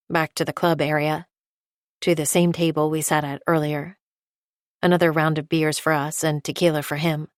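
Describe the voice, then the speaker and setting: A woman narrating a thriller audiobook in the first person with a steady, measured reading. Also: low-pitched, dry recording, studio quality.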